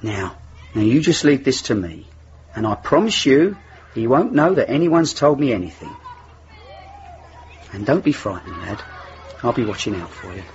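An actor playing a kindly male schoolteacher who speaks gently and reassuringly. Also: medium pitch, big pitch swings, moderate pace, long pauses, dull audio, a faint crowd, a little hiss or hum, lightly acted. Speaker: teacher.

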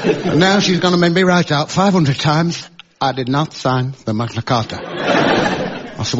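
A man's voice: on the high side, steady tone, takes it slowly, long pauses, fairly bright tone. A man delivering stand-up one-liners and a gag story as a comedy panel contestant. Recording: muffled recording with faint noise.

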